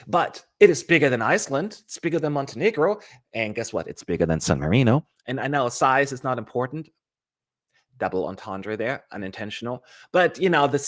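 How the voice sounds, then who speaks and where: A man hosts a casual livestream, talking straight to his viewers. His pitch sits in the middle range. He rambles through his thoughts and his voice jumps up high in sudden animated bursts. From California. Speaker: host of a fan channel livestream.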